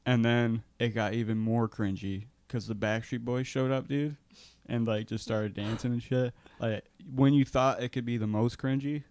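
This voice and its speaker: A man's voice: medium pitch, fairly even intonation, normal speed, hardly any pauses, darkish tone, clear, resonant tone, no echo. A man co-hosting a casual podcast, laid-back, laughing often and swearing freely. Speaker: podcast co-host. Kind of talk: casual chat.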